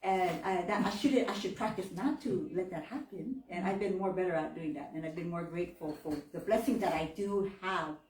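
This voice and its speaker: A woman's voice: on the low side, a little fast, hardly any pauses, darkish tone, slight background noise. A woman in her thirties from gives a candid personal faith talk in church, acting out quoted voices and laughing often. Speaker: church member giving a talk. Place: church hall. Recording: roomy, from far off the mic.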